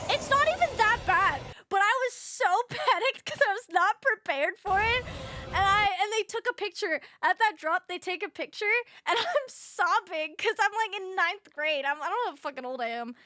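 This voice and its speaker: A young woman streamer telling an animated story in casual chat, swearing freely. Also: extremely high pitch, moderate pace, no echo. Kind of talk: casual chat while gaming.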